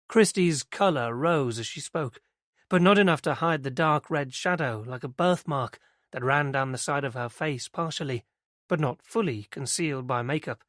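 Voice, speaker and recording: A man narrating a mystery audiobook in a steady, even-toned delivery. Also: medium pitch, normal speed, dry recording, clean studio sound. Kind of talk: scripted narration.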